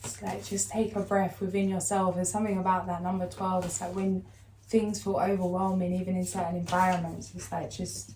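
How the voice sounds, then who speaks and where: A woman doing a spiritual card reading, talking in a calm, soothing, unhurried way as she reads aloud. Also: fairly low pitch. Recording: echoey room, faint background noise.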